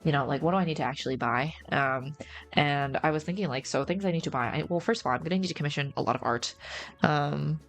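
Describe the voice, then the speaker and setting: A young woman VTuber chatting casually on a live stream, rambling and teasing, with low-quality mic sound. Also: quick pace, soft background music. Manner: rambling, repeats herself, teasing. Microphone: game chat headset mic, low sound quality.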